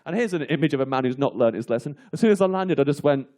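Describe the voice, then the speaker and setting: A male comedian telling an animated anecdote to a live audience on a comedy panel show, laughing through it. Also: a little high, very fast. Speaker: comedian guest.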